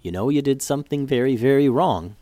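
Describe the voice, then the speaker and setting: A man's voice: medium pitch, animated, fairly quick, warm tone, dry recording, natural voice. Man doing a stern, caring father.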